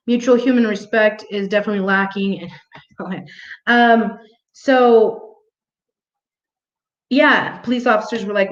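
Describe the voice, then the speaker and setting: A woman's voice: mid-range voice, fairly even intonation, a little slow, pauses often. Blunt, profane woman in a roomy room. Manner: blunt, profane storytelling with laughs. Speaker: vlog host. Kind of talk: casual monologue. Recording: roomy, muffled home recording.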